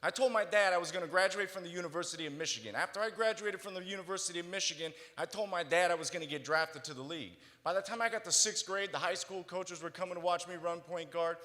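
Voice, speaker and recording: A man with a hoarse, slightly raspy voice giving a personal testimony as a guest speaker, telling his story earnestly. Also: high voice, fast, hardly any pauses, sharp tone, big-room sound. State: hoarse, recovering voice. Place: banquet hall.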